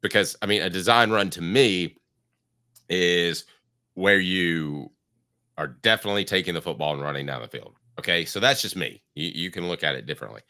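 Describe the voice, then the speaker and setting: A man's voice: low-pitched, moderate pace, pushed and bright. A man hosting a sports podcast, congested from allergies with a froggy voice, talking in an opinionated, emphatic way. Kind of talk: casual sports talk.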